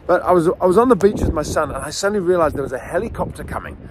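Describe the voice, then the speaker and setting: Middle-aged man, dog trainer: chatty, animated teacher who acts out his anecdotes, a touch high-pitched, recorded outside by the beach. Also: very fast, noisy background. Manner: animated storyteller, acts out scenes. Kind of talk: casual outdoor teaching talk with anecdotes. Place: outdoors near a beach. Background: faint outdoor ambience with waves.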